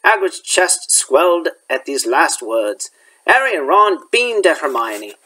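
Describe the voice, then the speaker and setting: A man's voice: on the high side, big pitch swings, unhurried, bright, forceful tone, poor audio. A male elementary school teacher reading a chapter book aloud, with occasional slips he corrects.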